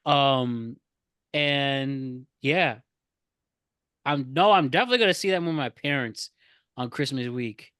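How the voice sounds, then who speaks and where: A man's voice: mid-range voice, measured pace, long pauses, fairly bright tone, clear, resonant tone, no room sound, studio quality. A man co-hosting a podcast in casual chat, enthusiastic and gushing, with casual swearing. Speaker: podcast co-host.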